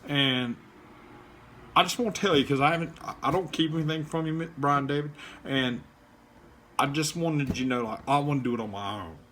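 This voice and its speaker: A man's voice: fairly high pitch, brisk, fairly bright tone, pitched above the performer's own voice, lightly acted. A whiny, condescending man drawls in a put-on Kentucky accent, pleading in a raised, mocking tone, as a man mimics him. The delivery is earnest and drawn out, with a faint hiss behind it. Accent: mock Kentucky drawl.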